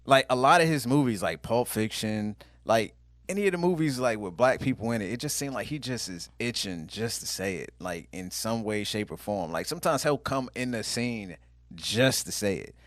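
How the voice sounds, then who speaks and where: A man's voice: lowish voice, expressive, normal speed, a bit bright, no room sound. A man interviewing a guest in laid-back casual talk, giving blunt opinions.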